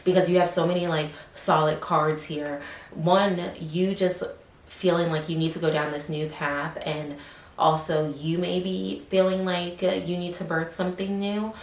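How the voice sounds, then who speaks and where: A woman doing a casual tarot reading, rambling with many fillers and softly murmuring questions to spirit between cards. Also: lowish voice, flat delivery, moderate pace. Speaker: tarot reader. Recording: roomy echo, faint background hiss.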